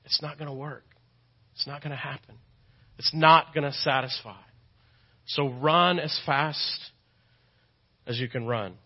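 Man, Texan accent, pastor, sermon, earnest, repeats for emphasis, somewhat high voice, muffled lo-fi recording. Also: a little slow, pauses often, slightly rough. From Texas. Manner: conversational, with self-deprecating asides. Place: church sanctuary.

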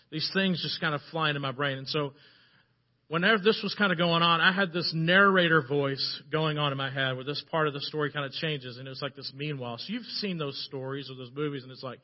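A man preaching a sermon, telling the story with animated shifts between loud passages and hushed ones. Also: a little high, a little fast, muffled recording.

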